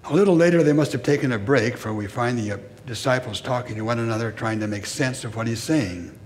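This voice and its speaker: A man preaching a sermon in a measured, reflective way, pausing between short phrases. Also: medium pitch, a little mellow.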